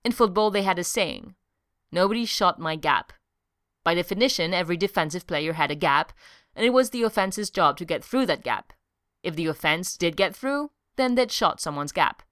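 A woman narrates a story in a measured, even reading. Her voice is smooth and on the low side. The recording is dry and close. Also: dry recording. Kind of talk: audiobook reading of fiction.

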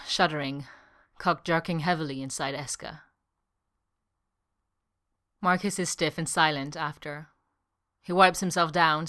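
Woman, story narrator, very deep pitch for a woman, soft, even, unhurried reading.

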